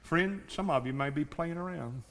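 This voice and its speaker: A man's voice: a little high, normal speed, fairly bright tone. A man, preaching a fervent sermon and pressing his listeners directly. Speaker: pastor.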